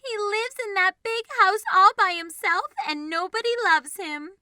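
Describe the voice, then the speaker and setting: A woman voicing a kind, poor neighbor in a storybook, in her own high bright voice. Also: unhurried, no room sound, clean studio sound, full character voice. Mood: pitying. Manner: storybook reading, barely changed voice.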